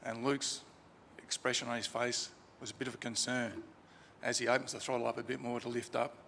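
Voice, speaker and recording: A gravelly-voiced man tells an anecdote at a funeral in a loose, chatty way, stopping and restarting as he goes. He speaks into a lectern mic in a chapel with a long reverb tail. A faint room hum sits behind him. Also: mid-range voice, flat delivery, fairly quick, a bit bright. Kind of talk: informal storytelling eulogy. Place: crematorium chapel.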